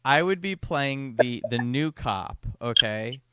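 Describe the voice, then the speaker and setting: Bright-voiced man rambling through a pitch. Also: expressive, slow pace, smooth, no room sound. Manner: rambling, restarts, pitching an idea. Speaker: podcast host. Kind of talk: casual chat.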